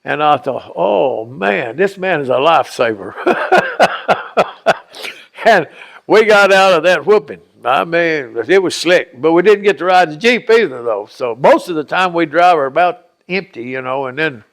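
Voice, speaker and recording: A man's voice: on the high side, expressive, a little slow, fairly bright tone. An older man being interviewed, telling a childhood story in a folksy, rambling way and acting out the voices of the people in it. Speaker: oral history interviewee.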